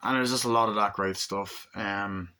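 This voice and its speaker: A man with a lowish but bright, forceful voice, gushing over an action film. He talks in a loose ramble full of swearing and hops from scene to scene. His delivery is casual and excited. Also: normal speed, clear, resonant tone. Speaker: movie reviewer.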